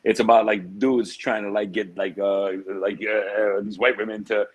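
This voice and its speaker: An American man, a guest in a casual interview, tells stories full of streetwise slang and drawn-out tangents. His husky voice is fairly low and flatly delivered, and the audio sounds dull.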